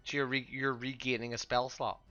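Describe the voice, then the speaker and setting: A man's voice: medium pitch, little pitch movement, a little fast, bright, forceful tone, highs cut off, soft background music. A man narrating as game master of a tabletop game, often hesitant and muttering to himself.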